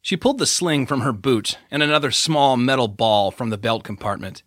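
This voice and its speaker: Male narrator, bright tone, dry close studio read. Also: medium pitch, normal speed, no room sound. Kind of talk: audiobook narration.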